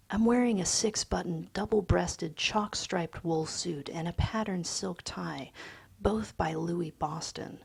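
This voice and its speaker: A woman reads a literary excerpt in a hushed voice that slips into whispers. Her tone is low, husky and full of gravelly fry, and she takes it very slowly. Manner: hushed, half-whispered delivery. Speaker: reader. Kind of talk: literary reading of a novel excerpt.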